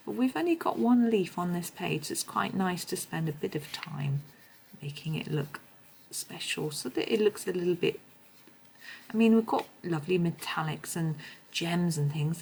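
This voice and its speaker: A woman with a hoarse voice, chatting her way through a colouring tutorial in a meandering, self-correcting manner. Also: fairly low pitch, a little mellow, a little hiss or hum, rough recording. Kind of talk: casual tutorial narration.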